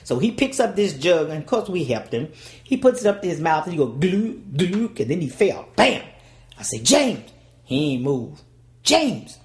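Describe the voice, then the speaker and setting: An older Louisiana woman with a Southern US accent tells a dramatic childhood story in folksy style, acting out the voices. She speaks at normal speed in a low, sing-song voice that's a little mellow.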